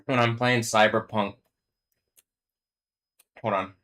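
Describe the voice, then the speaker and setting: A man's voice: lowish voice, steady tone, slow, fairly bright tone, low-quality recording. A man rambling through a live stream monologue, swearing freely and laughing to himself.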